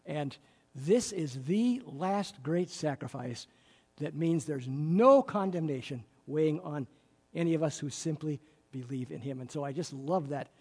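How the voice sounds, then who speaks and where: A man with a slightly high, husky voice teaches a Bible class, working through word meanings with eager enthusiasm and plenty of fillers. His tone is mellow rather than bright. A long reverb trails behind every phrase. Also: lively intonation, measured pace. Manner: explanatory, enthusiastic, with frequent fillers. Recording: reverberant room.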